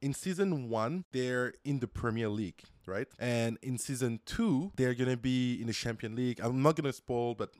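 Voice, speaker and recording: A man's voice: mid-range voice, normal speed, few pauses, a little mellow, no room sound. Brief: eager male podcast co-host, dry close mic. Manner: eager, enthusiastic, laughs often. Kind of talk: casual chat.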